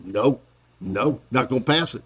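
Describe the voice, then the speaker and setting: A stubborn older male politician, as a man puts him on during a lecture, answering every offer with a flat, curt refusal in a lowered voice. The refusals come short and repetitive, a comic send-up of a man who blocks everything. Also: a little slow, husky. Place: auditorium.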